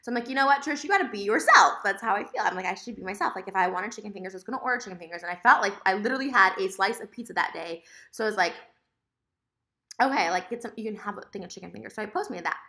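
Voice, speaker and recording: A young woman vlogging at home, telling her side of a story in a fast, animated, sassy rant. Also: medium pitch. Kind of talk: casual vlog monologue.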